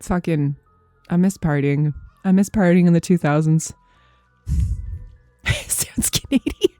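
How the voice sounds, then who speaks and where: A woman's voice: deep voice, steady tone, unhurried, dark tone, no room sound, faint music behind. A woman in her thirties streaming from home, chatting loosely with her viewers, rambling, swearing freely and laughing often. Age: 30s. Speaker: game streamer. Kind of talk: casual chat with live chat.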